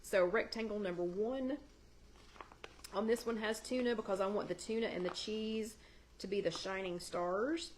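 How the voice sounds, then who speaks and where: A woman's voice: medium pitch, moderate pace, slight background noise. Chatty woman demoing a recipe live. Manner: chatty, talks to viewers in the live chat by name. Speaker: host of a live weight-loss chat. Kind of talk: casual cooking demo on a livestream. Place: home kitchen.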